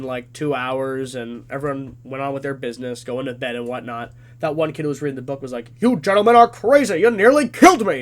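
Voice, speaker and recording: A man in his twenties telling a comedic story in an animated, self-deprecating way. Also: mid-range voice.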